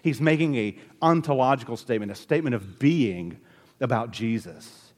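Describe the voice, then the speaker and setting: A man preaching a sermon as pastor, emphatic, with sharp rises and drops in his delivery. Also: mid-range voice, expressive, moderate pace, in a large hall.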